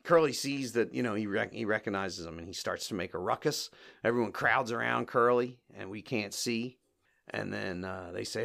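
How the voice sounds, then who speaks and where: A man's voice: lowish voice, moderate pace, gravelly, a bit bright. A man hosting a podcast, casually retelling a comedy short scene by scene, acting out the quoted lines and laughing often. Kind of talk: casual recap commentary.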